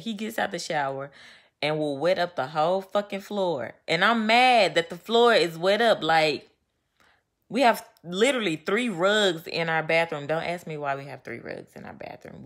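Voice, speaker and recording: A woman chatting casually to her viewers, venting with animated storytelling and slang. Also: fairly low pitch. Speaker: vlogger. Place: home, getting ready.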